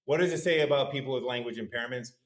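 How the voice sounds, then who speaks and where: A man giving a university lecture at a middle pitch, conversational and good-humored, turning to the audience with questions. The room is roomy and echoes around him. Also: quick pace. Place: lecture hall.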